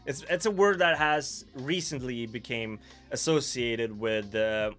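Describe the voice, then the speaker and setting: A man's voice: mid-range voice, unhurried, a bit bright, faint music behind. A man with a Swedish accent, a native Swedish speaker, hosting a casual livestream and musing aloud in a self-mocking way while reading from the chat. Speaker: livestream host.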